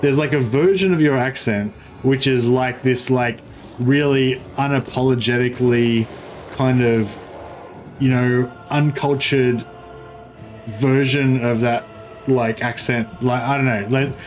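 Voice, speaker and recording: A man's voice: mid-range voice, steady tone, measured pace, faint music behind. An Australian man streaming a strategy game, chatting casually and rambling with many fillers and restarts. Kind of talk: casual gaming livestream chat.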